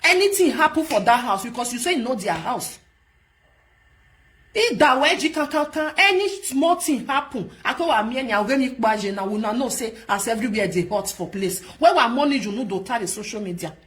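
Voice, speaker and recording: A woman's voice: on the high side, normal speed. A woman from Nigeria with a Nigerian Pidgin accent, ranting and scolding as a vlog host in casual commentary, repeating herself for emphasis. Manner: scolding, repetitive, animated.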